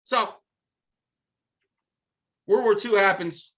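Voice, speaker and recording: A man's voice: high-pitched, drawn-out words, sharp tone, poor audio. A man from America hosting a live commentary monologue, emphatic and preachy, often tossing in "right?". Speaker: host.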